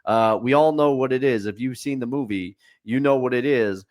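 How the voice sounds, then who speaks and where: A man's voice: medium pitch, normal speed, a little mellow. A man co-hosting a casual sports podcast, opinionated and picking things apart point by point. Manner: opinionated, building lists with a repeated refrain. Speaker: podcast co-host.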